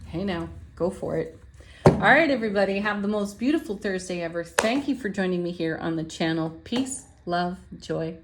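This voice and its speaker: A woman giving a spiritual tarot card reading in a gentle, affirming way, laughing softly now and then. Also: fairly low pitch, lively intonation, normal speed, background noise.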